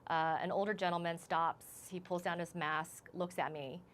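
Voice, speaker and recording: Speaking with a lowish, steady-toned voice over a faint hiss or hum, a U.S. news correspondent is a guest on a live news interview. She sounds shaken, her voice wavering, and she halts and restarts many times.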